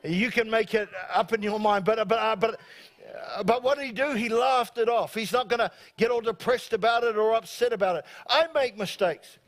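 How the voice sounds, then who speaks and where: A man with a New Zealand accent preaching a lively sermon to his church, joking and acting out voices. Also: high-pitched, normal speed. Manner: animated, joking, acts out quoted voices. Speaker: pastor. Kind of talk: live sermon. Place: church service before a congregation.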